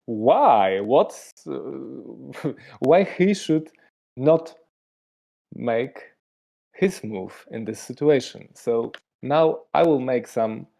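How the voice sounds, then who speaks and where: Slow, halting game master with a Polish accent. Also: medium pitch, expressive, creaky, mellow. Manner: halting, with many fillers. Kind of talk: narrating a tabletop game.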